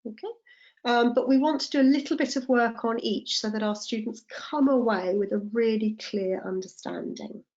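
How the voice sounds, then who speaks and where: Woman tutor, higher voice, clear step-by-step explainer, muffled lo-fi stream audio. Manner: explanatory, checks in with "okay?". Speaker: TEFL tutor. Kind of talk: live online teacher-training lesson.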